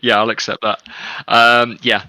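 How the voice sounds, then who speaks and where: Bright-voiced game master. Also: male voice, medium pitch, flat delivery, unhurried, no echo, low-quality recording. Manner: loose narration with frequent fillers. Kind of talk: running a tabletop game.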